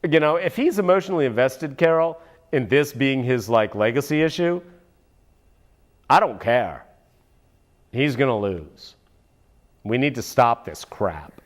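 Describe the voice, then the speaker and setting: A man's voice: mid-range voice, big pitch swings, measured pace, pauses often. A man ranting sarcastically in political commentary, often turning aside to address an unseen listener.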